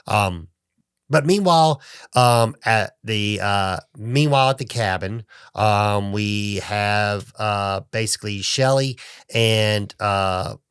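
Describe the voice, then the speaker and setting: A man's voice: fairly low pitch, slow pace, a bit bright, clean tone, no room sound, clean studio sound. A young man co-hosting a podcast, recapping a horror film in casual chat with lots of fillers and restarts. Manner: rambling, many fillers and restarts. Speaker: podcast co-host.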